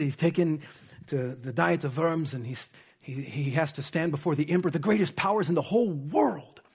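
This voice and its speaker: A man delivers a sermon in an earnest, driven way. His voice sits a little high and has a husky edge. He presses hard on key lines, then drops to quiet, hushed phrases. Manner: earnest, swings from emphatic to hushed. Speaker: preacher.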